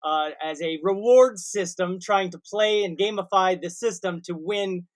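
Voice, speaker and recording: A man's voice: sits high, unhurried. Male host, casual, self-mocking, laughs often. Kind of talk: casual chat.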